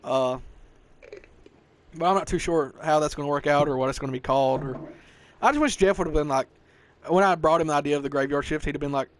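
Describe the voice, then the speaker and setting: A man's voice: a little high, quick pace, long pauses, dry recording. A man in his twenties with a Southern US accent, chatting loosely and profanely as a podcast host, peppering his talk with "bro" and "dog.". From American South. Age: 20s. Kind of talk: casual chat.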